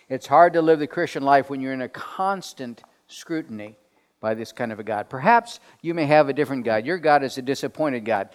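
A man delivering a sermon as pastor, telling stories with lively put-on voices and dropping to quiet asides. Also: mid-range voice. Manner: animated storytelling, drops to quiet asides. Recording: long reverb of a large hall.

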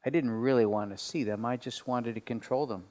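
A man delivering a sermon as pastor, telling stories with lively put-on voices and dropping to quiet asides. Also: mid-range voice, fairly quick. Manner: animated storytelling, drops to quiet asides. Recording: long reverb of a large hall.

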